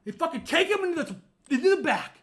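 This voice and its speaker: A man co-hosting a podcast, ranting angrily with constant profanity and bursts of shouting. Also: very high-pitched, big pitch swings, quick pace. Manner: angry, profane, shouting rants. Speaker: podcast co-host.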